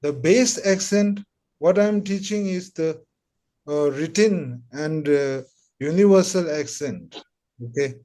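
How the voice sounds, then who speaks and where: Patiently repeating syllables for his students, a male Tibetan language teacher runs an online pronunciation lesson. His voice is warm, fairly high, and slow.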